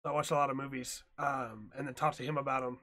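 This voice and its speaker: A man's voice: medium pitch, fairly even intonation, fast talker, pushed and bright. A man co-hosting a casual podcast chat, joking and teasing his co-hosts. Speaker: podcast co-host.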